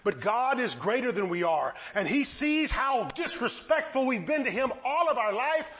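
A man's voice: very high voice, very animated, normal speed, fairly bright tone. A man preaching a sermon, impassioned and pleading, firing off rhetorical questions.

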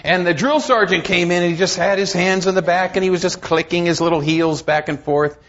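Middle-aged pastor guy, high voice, folksy and jokey, kinda dull lo-fi sound. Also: fairly quick, a bit bright. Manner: folksy storytelling with humor. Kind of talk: sermon.

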